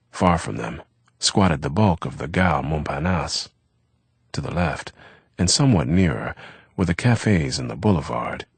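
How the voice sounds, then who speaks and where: A deep, low-pitched man narrates a novel in a measured, steady audiobook reading. His voice is husky, and the recording is dry and close. It sounds like a studio read. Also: no echo.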